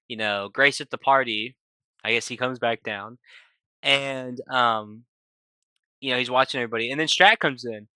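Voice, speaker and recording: Bright-voiced man rambling through a movie review. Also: medium pitch, smooth, dry recording. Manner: rambling, heavy on "like" and "you know" fillers; retells scenes by quoting the characters. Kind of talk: casual spoken film review.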